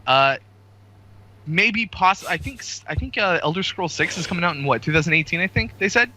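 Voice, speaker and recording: A man's voice: sits high, lively intonation, brisk, sharp tone, a little hiss or hum, poor audio. A man from the United States, a podcast guest, talking hesitantly with lots of fillers and self-corrections. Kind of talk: casual chat.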